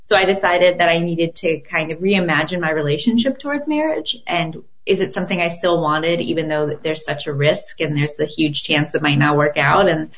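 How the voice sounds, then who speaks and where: Low-pitched woman guest, earnest. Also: moderate pace, hardly any pauses, dull audio. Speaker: interview guest, podcaster and relationship coach. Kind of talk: conversational interview.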